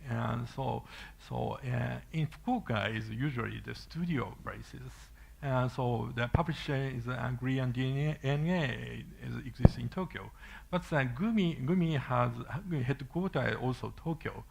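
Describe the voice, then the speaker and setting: A man with a Japanese accent giving a halting conference talk and answering questions, with many fillers and restarts. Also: medium pitch, creaky, darkish tone, husky. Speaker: conference speaker.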